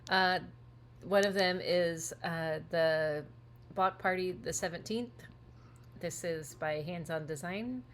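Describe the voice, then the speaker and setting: A woman's voice: lowish voice, slow pace, slight background noise. A woman co-hosting a casual chat about her cross-stitch projects, chatty and laughing often. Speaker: co-host.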